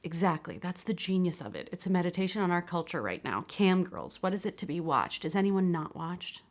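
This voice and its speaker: Lady reading a pompous art-world woman, kinda low, preachy. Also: animated, fairly quick. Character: pretentious woman artist at dinner.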